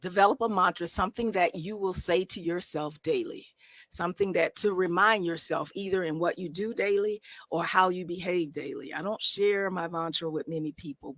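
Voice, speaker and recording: Woman, life coach, motivational talk, bright forceful voice, emphatic, colloquial, dry close sound. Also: fairly low pitch, normal speed, dry recording. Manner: emphatic, preacher-like delivery with rhetorical questions; colloquial, conversational phrasing. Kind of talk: motivational talk to a live audience.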